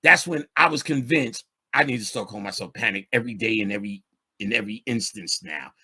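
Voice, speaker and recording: A man's voice: lowish voice, fast talker, pushed and bright, breathy edge. A man, telling street stories in a loose, streetwise way with plenty of swearing. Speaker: podcast guest speaker. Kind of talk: casual storytelling chat.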